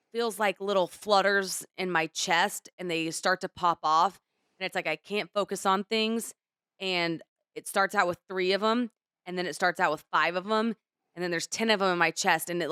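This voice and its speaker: Young woman with a low, smooth voice. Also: fairly bright tone, no room sound, clean studio sound. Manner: candid, rambling, emotional retelling. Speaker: podcast co-host. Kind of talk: casual chat.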